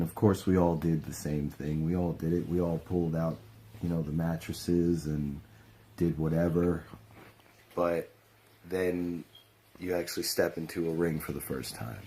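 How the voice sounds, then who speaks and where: Very deep-voiced man, laid-back rambling. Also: mellow, a little hiss or hum. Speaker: pro wrestler. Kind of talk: casual testimonial.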